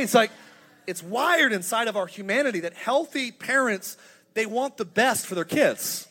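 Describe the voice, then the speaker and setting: A man in his thirties preaching a sermon as pastor, energetic and humorous, building to emphatic points. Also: sits high, moderate pace, husky. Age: 30s.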